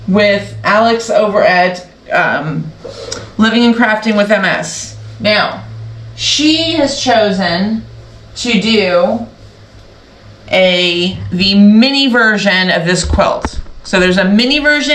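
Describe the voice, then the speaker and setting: In a mid-range, fairly bright voice, a woman running a quilting channel talks her way through a relaxed sew-along, chatty and prone to stopping mid-sentence. Faint background noise and room echo are audible.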